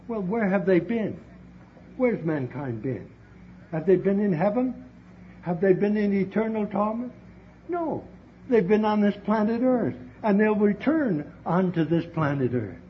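A man preaching a heartfelt sermon to his congregation, often calling out to them as brethren. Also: on the high side. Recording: dull, lo-fi recording with faint hiss.

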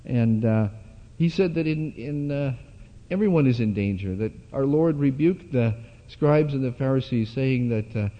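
A man preaching a sermon at a church gathering, speaking haltingly with many fillers and restarts. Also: medium pitch. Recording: dull lo-fi hall recording.

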